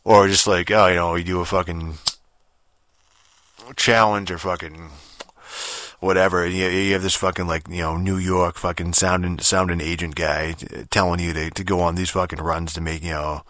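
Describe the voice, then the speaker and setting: A man rambles through a casual game review in a very low voice with a forceful edge. He swears almost every line, piles on fillers and restarts, and the sound is dry and close with no room. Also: level tone, normal speed, dry recording.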